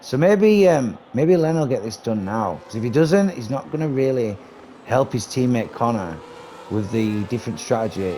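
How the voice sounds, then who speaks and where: A man giving casual, excitable live commentary on a sim racing league, chatty and swearing casually, with game noise behind him. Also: mid-range voice. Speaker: race commentator.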